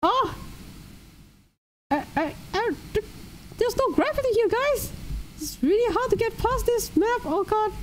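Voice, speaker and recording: Squeaky cartoon mouse. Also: female voice, expressive, measured pace, long pauses, slight background noise, low-quality recording. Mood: excited. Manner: gasping, frantic exclamations. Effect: high pitch-shifting voice changer. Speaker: game streamer. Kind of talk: live-stream game commentary.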